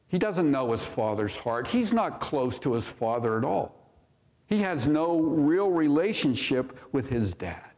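A pastor delivers a sermon in a church sanctuary, his mid-range, darkish voice very animated yet a little slow. He reads scripture aloud and questions the congregation rhetorically, all wrapped in long sanctuary reverb.

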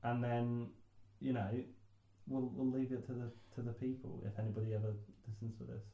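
A man argues his side in a casual podcast chat, cutting in quickly and joking along the way. His voice sits at a middle pitch and carries a noticeable room echo. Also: level tone, gravelly, mellow, dull audio. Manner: argumentative, quick to interject, joking. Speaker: podcast co-host. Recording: echoey room.

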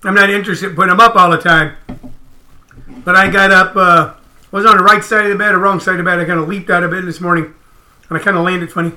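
A man hosting a casual livestream, ranting in an animated, emphatic, profane way. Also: high-pitched, quick pace. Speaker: comedian host.

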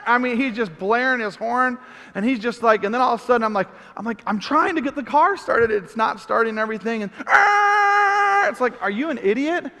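A middle-aged man preaching, telling a story with lively acted-out outbursts. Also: very high-pitched, fast, in a large hall. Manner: animated storyteller, acts out shouts. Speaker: pastor. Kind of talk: sermon storytelling.

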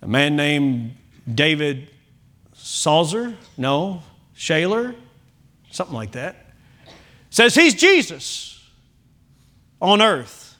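High, bright-voiced preacher. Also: male voice, sing-song, extremely slow, long pauses. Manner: emphatic preaching with wide swings in loudness; conversational asides and self-corrections. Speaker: pastor. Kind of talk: sermon.

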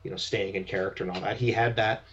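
A man's voice: low voice, fairly even intonation, quick pace, a bit bright, breathy edge. A man, an actor appearing as a guest, chatting casually in an interview, rambling and restarting his thoughts as he goes. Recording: dull lo-fi sound.

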